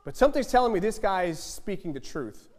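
A man preaching a fiery sermon, emphatic and repetitive, building to loud outbursts. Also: high-pitched, big pitch swings, fairly quick, long reverb tail. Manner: emphatic, repetitive, rising to shouts.

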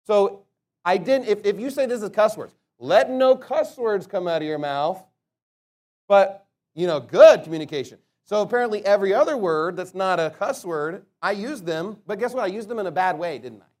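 A man preaching a sermon, asking rhetorical questions and slowing down to stress his points. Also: sits high, lively intonation, a little mellow. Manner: emphatic, rhetorical questions, slows to stress words.

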